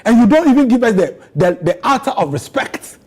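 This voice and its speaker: A Ghanaian man with a Ghanaian accent pleads and argues in a heated political panel debate. His voice sits high and comes out husky. He hammers home points with repeated questions. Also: sing-song, fairly quick, a little mellow. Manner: impassioned, rising to pleading outrage.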